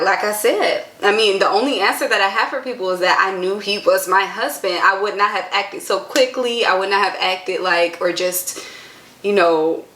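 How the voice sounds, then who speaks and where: A woman in her twenties talks straight to camera with an earnest, chatty manner and plenty of filler words. Her voice sits at a middle pitch. The sound carries a noticeable room echo. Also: bright, forceful tone. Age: 20s. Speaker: vlogger. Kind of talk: casual chat to camera.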